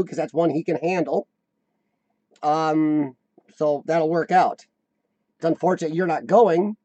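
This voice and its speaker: A man hosting a casual live chat, rambling and answering viewers, his voice a little rough from lung trouble. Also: sits high, warm tone, dry recording. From United States. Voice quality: slightly rough voice from lung problems. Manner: rambling, chatty, laughs often, answers viewers by name. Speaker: livestream host.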